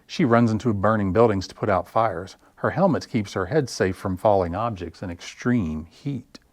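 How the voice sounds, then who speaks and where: A children's librarian reading picture books aloud at story time, slow and expressive. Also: male voice, on the low side, no room sound, studio quality. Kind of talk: picture-book read-aloud.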